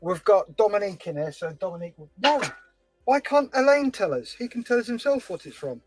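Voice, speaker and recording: A man hosting a scale-modelling livestream, chatting casually and telling stories with animated voices. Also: high voice, brisk, soft background music, rough recording. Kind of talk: casual chat while building a model.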